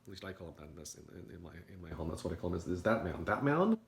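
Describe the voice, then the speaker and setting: A man giving a rambling morning monologue to a video audience, halting and repeating words as he goes. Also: low-pitched, steady tone, creaky, darkish tone, reverberant. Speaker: video commentator.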